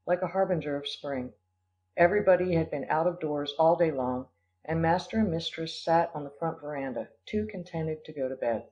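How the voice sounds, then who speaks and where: Man reading an audiobook, somewhat high voice. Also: darkish tone. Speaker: audiobook narrator. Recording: dull lo-fi recording.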